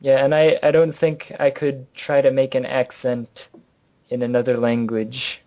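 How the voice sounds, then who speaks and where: A man's voice: medium pitch, little pitch movement, a little slow, a little mellow. A man from near Buffalo chatting casually, hedging a lot with likes and I don't knows. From near Buffalo, New York. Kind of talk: casual chat.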